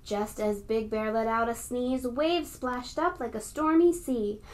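A librarian reading a picture book aloud to young children and leading them in a game. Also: female voice, a little high, unhurried, a little hiss or hum. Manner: warm, encouraging, talks to young kids.

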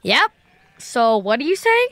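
A woman's voice: fairly high pitch, very animated, a little slow, a bit bright, dry recording. A woman voicing Max, a cheeky, impatient kid adventurer in a children's audio drama. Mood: playful. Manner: wisecracking, impatient.

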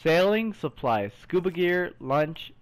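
Man, gaming streamer, let's play commentary, excitable and swearing, high voice, big lively swings in pitch. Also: slow. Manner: excitable, exclaims, swears, says bro a lot.

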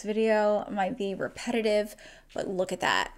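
A woman's voice: medium pitch, expressive, normal speed, clear, resonant tone. A young woman from New Jersey chatting casually through a makeup tutorial at home, gushing and swearing casually. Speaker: beauty vlogger. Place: at home, indoors.

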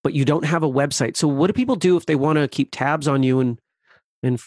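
A man's voice: on the high side, brisk, darkish tone, dry recording. Empathetic male podcast host, dry sound. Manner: empathetic, stammers on repeated words. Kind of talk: casual interview.

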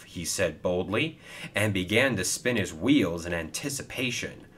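A man's voice: sits low, expressive, a little slow, a bit bright, breathy edge. Man reading a children's story. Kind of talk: storybook narration.

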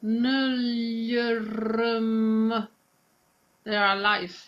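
A woman's voice: on the high side, little pitch movement, lo-fi sound. A woman coaching a singing student, demonstrating phrases with long, stretched vowels. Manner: demonstrates lines slowly, drawn-out Italian vowels. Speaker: vocal coach. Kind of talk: singing lesson.

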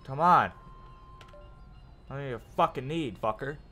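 A man's voice: medium pitch, moderate pace, sharp tone, soft background music. A young man streaming a game live, ranting irritably with constant swearing. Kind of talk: live gameplay commentary. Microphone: desk mic with facecam.

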